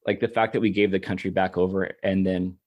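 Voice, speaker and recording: A man's voice: sits low, level tone, a little fast, darkish tone. A man co-hosting a podcast, emphatic and frustrated, emotional and stumbling over repeated words as he argues politics. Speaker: podcast co-host. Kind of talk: heated political discussion.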